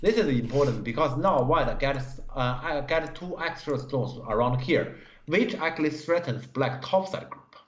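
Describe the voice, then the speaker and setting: Halting man reviewing go games. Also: fairly high pitch, animated. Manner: halting, many fillers, broken English grammar. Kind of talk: live-stream game review. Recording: roomy, dull stream audio.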